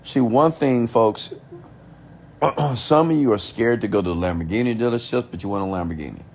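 A man's voice: mid-range voice, moderate pace, slight background noise. A man giving a motivational rant, emphatic and repetitive, asking rhetorical questions and swearing casually. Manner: emphatic, repeats himself, asks rhetorical questions. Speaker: motivational speaker.

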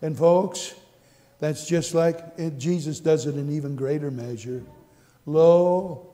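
A high-pitched man preaches in a church sanctuary, his voice trailing off into a long reverb. He tells his own story earnestly, repeating phrases, and moves from quiet, hushed lines to bursts of exclamation. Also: steady tone, measured pace. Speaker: pastor. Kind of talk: sermon with personal testimony.

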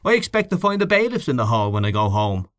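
A man's voice: mid-range voice, sing-song, quick pace, a bit bright, dry recording. A man voicing a grumbling, gossipy middle-aged canvasser in a storybook reading, scornful and snuffling, with a conspiratorial manner.

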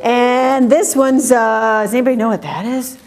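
A woman reading picture books aloud at a children's story time, asking questions and making animal sounds in a slow, sing-song way. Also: a little high, fairly even intonation, a little mellow.

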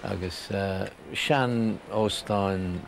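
An older Irish man reminiscing casually, chuckling and pausing with many fillers. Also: lowish voice, steady tone, vocal fry, music in the background. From Ireland. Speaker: storyteller.

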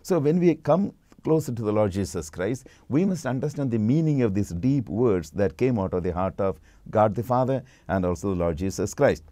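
Guy preaching a sermon, mellow dark voice, slow and deliberate, dry close sound. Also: lowish voice, animated, no room sound. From India. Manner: measured teaching, slow and deliberate.

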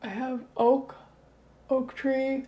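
A woman's voice: high voice, flat delivery, extremely slow, warm tone. A woman channeling on her own in a casual, hesitant way, thinking aloud and questioning herself as she goes. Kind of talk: casual solo channeling session. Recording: slightly dull lo-fi audio with faint noise.

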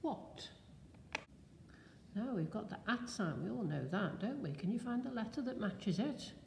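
A woman's voice: medium pitch, expressive, measured pace, creaky, a little mellow. A woman leading a children's church session, coaxing the children with questions in a sing-song manner. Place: large church building. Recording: echoey church hall, slight noise.

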